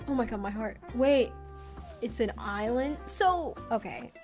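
A woman streaming a live reaction to a game showcase, gushing and squealing, swinging from shouts to hushed whispers. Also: on the high side, measured pace, soft background music. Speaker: gaming content creator. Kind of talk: excited live reaction commentary.

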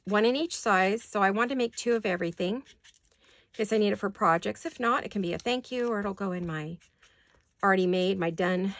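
A woman's voice: medium pitch, a little hiss or hum. An older woman chatting casually while doing paper crafts at her desk, rambling with apologetic asides. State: hiccups.

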